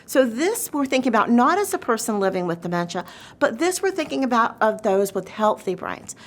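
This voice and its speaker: A woman's voice: on the high side, big pitch swings, brisk. A woman presenting an educational webinar session on caregiving, speaking earnestly and varying her pace as she explains. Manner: earnest, shifts pace often, acts out quoted voices. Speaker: dementia training presenter.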